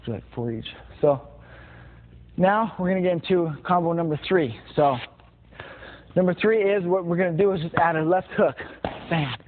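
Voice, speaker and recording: Guy walking through boxing combos, kinda high voice, tinny phone-ish sound with noise behind. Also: normal speed, long pauses. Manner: plain, repetitive instruction with punch sounds. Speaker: boxing instructor.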